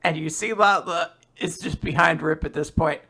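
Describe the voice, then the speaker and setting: A man co-hosting a casual podcast, retelling a manga chapter as an animated storyteller who laughs often and acts out the quotes. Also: on the high side, normal speed, creaky. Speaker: podcast co-host.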